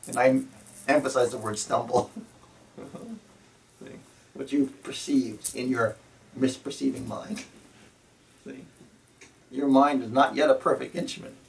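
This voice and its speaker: A man with a gravelly, fry-edged voice teaching on spiritual matters, his speech slow and deliberate. He repeats key words and keeps checking in with "See?" as he goes. He sits a little away from the microphone, so he sounds distant. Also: mid-range voice, slight background noise. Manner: tags phrases with "See?" and "You know". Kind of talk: spiritual talk. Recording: voice from a distance to the mic.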